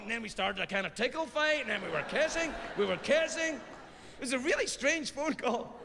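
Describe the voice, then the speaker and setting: A man's voice: high voice, animated, fast, gravelly, pushed and bright, slight background noise. A middle-aged man doing a stand-up comedy routine on stage, a rambling storyteller who keeps sidetracking himself and slips into silly voices. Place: stage before an audience. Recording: live stage sound with long reverb.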